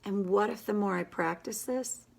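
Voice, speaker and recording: A woman hosting a casual live session, coaching a group in an earnest, gentle and encouraging way, with quick asides. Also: mid-range voice, vocal fry. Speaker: inner child tapping coach, host.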